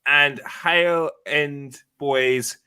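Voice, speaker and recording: Excitable higher-voiced male host. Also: drawn-out words, clear, resonant tone. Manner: excitable, chatty, teasing. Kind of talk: casual live show chat.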